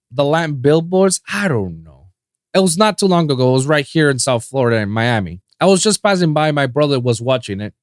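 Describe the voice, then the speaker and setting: Animated, profane male podcast host. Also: no echo, studio quality. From Puerto Rico. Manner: animated, profane, swings between loud outbursts and low mutters. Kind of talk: casual solo podcast rant.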